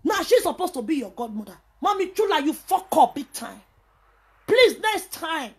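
A Nigerian woman with a high voice rants into her vlog, scornful and insulting. She keeps breaking into sing-song chanted taunts between her jabs. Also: big pitch swings, normal speed. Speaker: vlogger. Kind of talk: heated ranting vlog.

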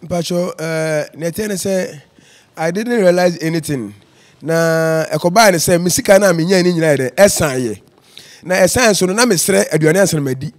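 A man's voice: a little high, moderate pace. A man with a Ghanaian accent, an evangelist telling his life story as an interview guest and slipping English phrases into his talk. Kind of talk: personal testimony in casual interview.

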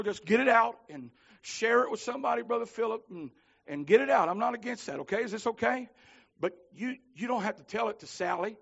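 Fervent preacher man, gravelly and high. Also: dull audio. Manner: fervent, climbs to shouting then drops low. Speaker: minister. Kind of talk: holiness sermon.

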